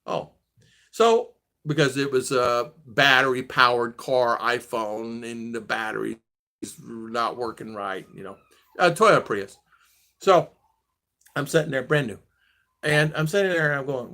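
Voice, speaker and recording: A man's voice: mid-range voice, unhurried, sharp tone. A man in his sixties from the United States, telling rambling stories in a casual vlog chat, often restarting and trailing off. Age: 60s. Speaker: vlogger.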